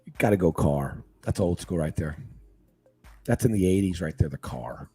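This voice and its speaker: A husky-voiced middle-aged man talks as a guest on a casual podcast. He jokes easily, draws his words out, and rides up and down in pitch. Faint music plays underneath. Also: lively intonation, warm tone. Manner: laid-back, joking, drawn-out slang. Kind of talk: casual chat.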